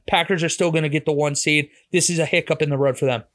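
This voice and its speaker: A man's voice: on the high side, steady tone, fast talker, fairly bright tone. A man from Pittsburgh with a Pittsburgh accent, a podcast host giving blunt, opinionated football picks and swearing freely. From Pittsburgh, USA. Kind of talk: casual sports betting commentary.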